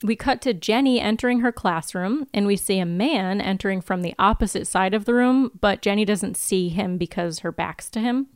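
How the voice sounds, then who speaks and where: A woman's voice: medium pitch, normal speed, few pauses, no echo, studio quality. A woman co-hosting a podcast, recapping a TV episode in casual chat, laughing often and swearing casually. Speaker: podcast co-host.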